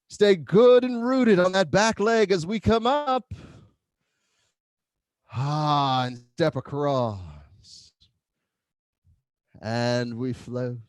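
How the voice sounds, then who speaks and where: A man leading an online tai chi class, giving calm movement cues with playful whoops. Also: a little high, no room sound, studio quality. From Philadelphia area.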